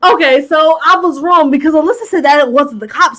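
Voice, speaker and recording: High-voiced woman recapping a movie. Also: brisk, few pauses, fairly bright tone. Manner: chatty, heavy use of "like", exclaims in disbelief. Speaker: movie commentator. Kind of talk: casual plot recap commentary.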